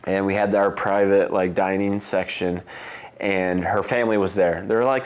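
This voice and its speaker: A man's voice: fairly low pitch, normal speed. A man in his thirties, an interview guest, telling personal stories in a rambling, casual way full of "like" and "um". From United States. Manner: rambling, heavy use of "like" and "um", laughs often, mimics voices in quotes. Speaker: interview guest, Olympic swimmer.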